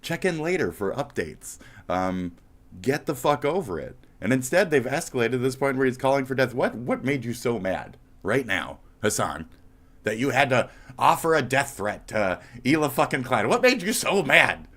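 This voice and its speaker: A man's voice: medium pitch, very animated, normal speed, fairly bright tone. A man streaming live commentary as a heated, profane, mocking rant. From United States.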